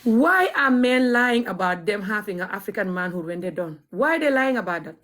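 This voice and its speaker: Speaking at a medium pitch with a fairly bright, animated tone, this woman from Gambia chats with her audience at a moderate pace. She has a Gambian accent and vlogs in a blunt, cheeky storytelling style. Laughter breaks into her talk again and again.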